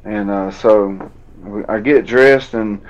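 A man, a fighter telling a painful story in an interview, drawling and halting as he acts out old conversations. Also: on the low side. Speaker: bare-knuckle fighter guest. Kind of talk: emotional storytelling in a podcast interview. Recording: dull lo-fi audio.

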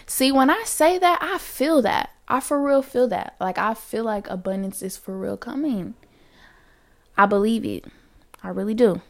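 A woman's voice: fairly high pitch, moderate pace. A woman hosting a casual solo podcast, chatty, repeating affirmations with emphasis. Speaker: podcast host.

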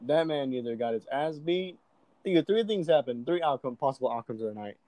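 A man's voice: medium pitch, animated, brisk, mellow, no room sound, rough recording. Young man, casual chat, crude joking remarks, dry close recording. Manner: joking interjections, blunt and crude.

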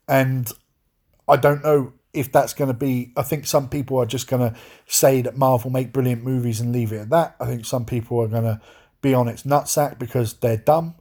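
A man's voice: medium pitch, a little mellow, slightly rough. A man hosting a podcast, giving an exasperated, swear-filled review in a casual ranting style, often restarting his sentences. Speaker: podcast host reviewing a film.

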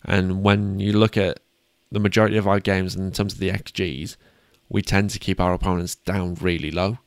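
Deep, gravelly British man. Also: level tone, no room sound, clean studio sound. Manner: upbeat, self-deprecating, quick asides. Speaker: podcast co-host. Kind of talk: casual sports chat.

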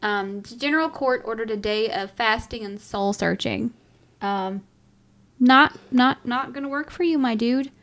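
A woman co-hosting a casual podcast, sarcastic and animated, swearing now and then. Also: on the high side, a little slow. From Southern United States. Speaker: podcast co-host. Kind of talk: casual chat.

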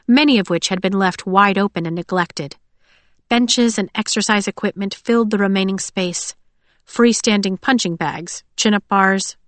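A woman narrating an audiobook in a measured, expressive reading. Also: mid-range voice, dry recording. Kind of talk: scripted narration.

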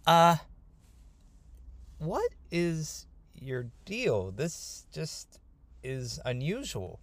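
A man's voice: a little high, expressive, a little slow. A man voicing a stubborn grown biblical patriarch who talks in a chatty, modern, emphatic way. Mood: puzzled.

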